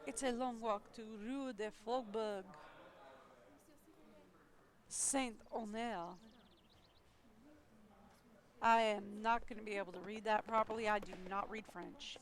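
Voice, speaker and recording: A woman's voice: medium pitch, fairly even intonation, slow, pauses often. A woman streamer reading a story game's narration aloud, breaking off for casual asides about her reading. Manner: reads narration aloud, then breaks off to chat. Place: home streaming setup.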